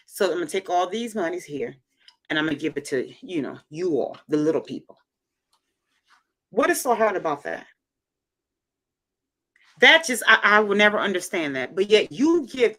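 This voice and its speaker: A woman hosting a casual livestream, her voice bright and forceful and her pitch swinging widely. She talks emphatically, repeating words to drive each point home. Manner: emphatic, animated, repeats phrases for stress. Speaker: show host reading viewer comments.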